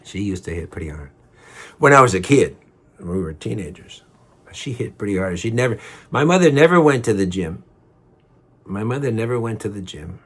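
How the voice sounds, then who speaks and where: A man's voice: on the low side, lively intonation, moderate pace, pauses often, slightly rough. A man telling a personal story in a heated, rambling way, repeating himself and swearing.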